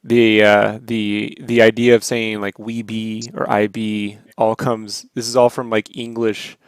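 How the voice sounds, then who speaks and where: An American man chats loosely over an art stream, laughing often and swearing freely. His voice has a gravelly edge. The sound is dry and close to the mic. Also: lowish voice, level tone, a little slow, dry recording. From United States. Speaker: co-host. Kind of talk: casual chat while drawing.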